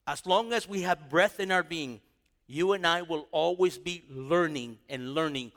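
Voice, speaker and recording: A man's voice: a little high, unhurried, a bit bright. A man preaching a sermon in a conversational style, asking the congregation rhetorical questions. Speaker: pastor.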